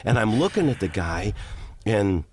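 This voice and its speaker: A middle-aged man, a voice actor, rambling through long show-business stories and breaking into quick voices. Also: fairly low pitch, noisy background. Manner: rambling, animated, jumps into character voices. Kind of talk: storytelling interview guest.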